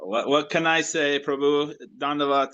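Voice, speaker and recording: A man speaking on a video call, sharing personal reflections in a halting way with many restarts. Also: on the high side, flat delivery, fairly bright tone, clear, resonant tone, highs cut off. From United States. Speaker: class participant.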